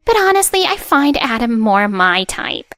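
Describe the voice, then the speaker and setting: A woman's voice: on the high side, sing-song, measured pace, fairly bright tone, dry recording, studio quality, faint music behind. A woman voicing a scornful young daughter-in-law. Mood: cold. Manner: sneering, dismissive. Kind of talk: narrated drama story.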